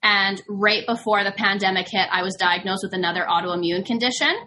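A talkative woman speaks in relaxed conversation, her voice bright and forward. She fills her sentences with "like" and laughs easily as she talks. A faint hum sits behind her. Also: mid-range voice, a little fast. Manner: chatty, heavy use of "like", laughs easily. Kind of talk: casual conversation.

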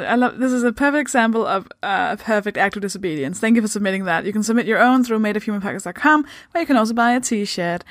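A woman's voice: fairly high pitch, no room sound, clean studio sound. A young woman from Denmark hosting a podcast in a loose, chatty way, swearing freely and laughing often. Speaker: podcast host. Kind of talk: casual podcast chat.

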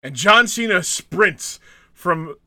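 A man's voice: sits high, slow pace, no echo, clean studio sound. A man hosting a casual podcast, retelling events with lots of laughter and acted-out quotes. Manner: animated storyteller, laughs often, acts out quotes. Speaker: podcast host. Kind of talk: casual chat recapping wrestling.

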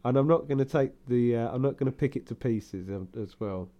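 A man's voice: medium pitch, fairly quick, highs cut off. A man co-hosting a podcast in casual chat, rambling, laughing often and now and then slipping into camp put-on voices. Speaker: podcast co-host.

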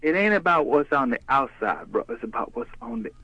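A man voicing a laid-back young caller in a comedy radio sketch, slangy and drawling, with a pitch that swoops when he gets excited. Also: fairly quick, creaky, no room sound, exaggerated voice, poor audio. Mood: rambling.

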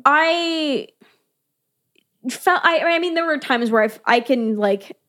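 High-voiced hesitant young woman. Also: lively intonation, takes it slowly, fairly bright tone. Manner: hesitant, many restarts and fillers. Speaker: podcast co-host. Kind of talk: casual chat.

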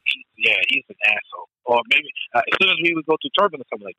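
A man's voice: medium pitch, sing-song, quick pace, hardly any pauses, a crowd in the background, rough recording. A man in casual chat, telling stories with lots of animation, acting out his own nervous voice and swearing freely.

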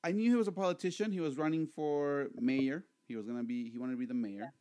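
A man hosting a casual podcast chat. He is jokey and animated, and he often repeats his words. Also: a little high, quick pace. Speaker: podcast host.

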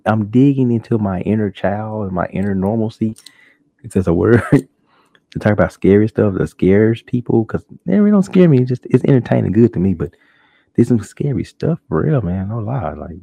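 Gravelly and slightly rough, this podcast host's voice carries no room sound. Hosting alone and casually, he tells animated stories and plays out shocked reactions in a high pitch, all captured in a dull, lo-fi, dry home recording.

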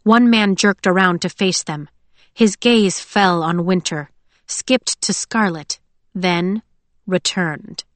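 A woman reading an audiobook aloud in a measured, expressive way. Her voice is on the low side and the recording is dry and close, with no room sound. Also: no room sound. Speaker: audiobook narrator. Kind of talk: scripted narration.

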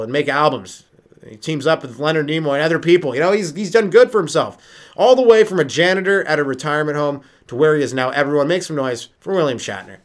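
A man hosting a solo comedy podcast, rambling and riffing with many fillers, running on no sleep. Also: fairly high pitch. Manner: rambling, riffing, lots of fillers and sudden voice jumps. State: sleep-deprived. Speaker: stand-up comedian and podcast host.

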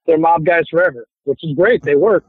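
A man from Chicago, a guest actor chatting casually in an interview, relaxed and rambling with many restarts, over a thin phone-like line. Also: fairly high pitch, a little fast, slightly rough, no echo. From Chicago, USA.

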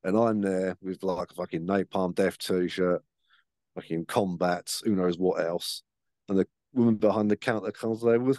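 This podcast co-host has a low, darkish voice with fairly even intonation and a normal speed. In casual chat he cusses without restraint and performs the different characters in his anecdotes, all captured in clean, dry studio sound.

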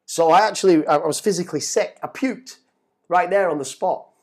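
Excitable storyteller man. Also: sits high, a little fast. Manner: animated, swearing, repeats words when excited. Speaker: guest. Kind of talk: casual storytelling.

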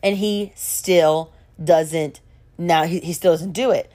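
A woman telling a gossipy story in casual storytime style, animated and laughing along. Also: fairly low pitch, takes it slowly.

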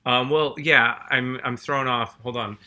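A man chatting casually with a very bright, sharp voice, rambling and self-interrupting as he tells his stories. His pitch is at an everyday middle level. His talk is loose and full of restarts. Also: steady tone, a little slow. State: groggy after a nap. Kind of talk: casual chat.

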